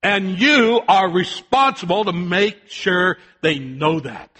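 Preaching a sermon at a slow pace, an older, high-voiced man spins a homespun family tale, alternating shouted warnings with gentle, hushed appeals.

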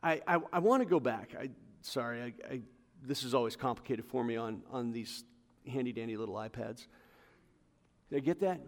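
A man preaching a sermon to his congregation, building to emphatic peaks and dropping to quiet asides. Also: normal speed. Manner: passionate, rising to emphatic peaks then dropping low. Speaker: pastor. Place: church hall with congregation. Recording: long hall reverb.

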